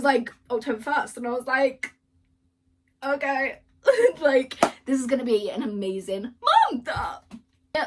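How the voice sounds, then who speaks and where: A young woman chatting casually and gushingly about books, laughing often as she talks. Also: on the high side. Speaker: book vlogger. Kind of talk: casual chat.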